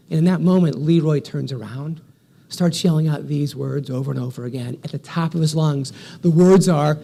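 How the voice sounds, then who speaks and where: A man's voice: a little high, moderate pace, gravelly, dark tone. A man in his forties giving a motivational keynote speech, telling stories with energy and a punchy rhythm. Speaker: keynote speaker.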